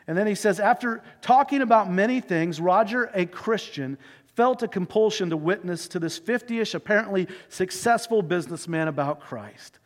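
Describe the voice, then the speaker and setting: A man's voice: high voice, lively intonation, moderate pace. A male pastor telling a story in a sermon and leading a closing prayer, in an earnest, emotive way. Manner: earnest, emotive retelling with shifting pace. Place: church sanctuary. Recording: church hall reverb.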